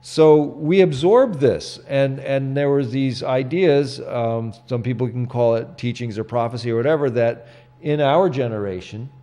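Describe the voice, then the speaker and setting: Middle-aged male host, mellow dark tone, halting, full of "you know"s. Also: medium pitch. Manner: halting, repeats words, many "you know"s. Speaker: talk show host. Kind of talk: casual chat.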